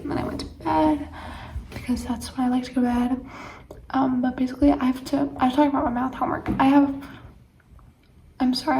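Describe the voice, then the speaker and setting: A woman's voice: sits high, warm tone, slight background noise. Tired teenage girl rambling in half-whispers. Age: teens. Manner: rambling, filler-heavy, often drops to a whisper. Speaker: vlogger. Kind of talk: late-night casual chat to camera.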